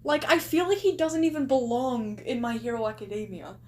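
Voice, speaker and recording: A woman's voice: on the high side, expressive, fairly quick, darkish tone. A young woman streamer chatting casually as she reacts, gushing and asking lots of rhetorical questions. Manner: chatty, exclaims and gushes, many likes and rhetorical questions.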